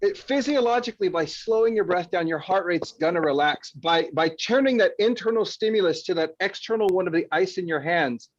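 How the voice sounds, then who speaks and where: High-voiced frank man, lo-fi sound. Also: a little fast, few pauses. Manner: frank, swears, acts out frustrated inner voices. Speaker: panel speaker. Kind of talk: casual coaching talk.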